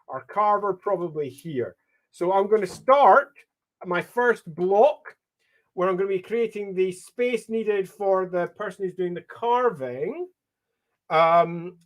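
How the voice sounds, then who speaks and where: A Scottish man hosting a casual livestream, thinking aloud with frequent ums and greeting viewers by name. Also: sits high. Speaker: livestream host. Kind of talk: casual livestream chat while mapping.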